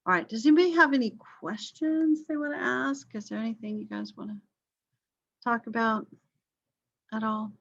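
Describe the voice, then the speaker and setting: A woman's voice: fairly high pitch, normal speed, gravelly, pauses often, fairly bright tone. Woman teaching history on a muffled call. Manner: conversational, apologetic asides, frequent fillers. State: coughing, yawning. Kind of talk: online class lecture.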